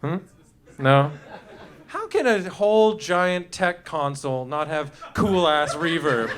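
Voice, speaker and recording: A young man doing live stand-up, riffing crudely with the crowd, often laughing and breaking into shouts, on a handheld stage mic. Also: on the high side, animated, slow pace. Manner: loose, crude, laughing through lines, shouting bursts. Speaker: stand-up comedian. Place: comedy club stage before a live audience.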